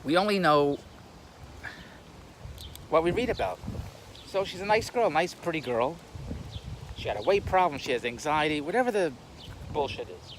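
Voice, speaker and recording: An older man rants bluntly to a camera outdoors, with faint street noise around him. His voice is fairly high for a man, and it rises and falls a great deal. He rambles, repeats himself, and laughs at his own jokes. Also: sing-song, normal speed, long pauses. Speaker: YouTube commentator. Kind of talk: rambling opinionated monologue. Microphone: camera on a tripod.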